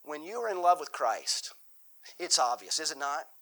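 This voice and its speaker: A man's slightly high, sing-song voice, fairly bright and at normal speed, comes through a rough recording as he leads a Bible study in a church room. He talks folksily in a conversational sermon with Q&A, frequently restarting and repeating.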